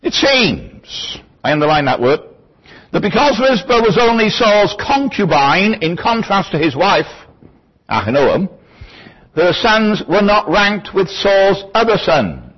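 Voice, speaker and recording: Male Bible teacher, husky and animated, digressive lecturing style, dull lo-fi recording. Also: sits high, measured pace. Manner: thoughtful, digressive, lecturing with asides.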